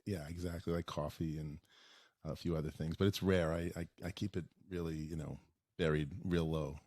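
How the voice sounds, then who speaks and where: A soft-spoken man with a very deep voice answers interview questions, stopping and restarting often with fillers. The sound is dry and close, with no room around it. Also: steady tone, no room sound. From Long Island, New York. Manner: soft-spoken, halting with many uhs and ums. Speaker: oral surgeon, interview guest.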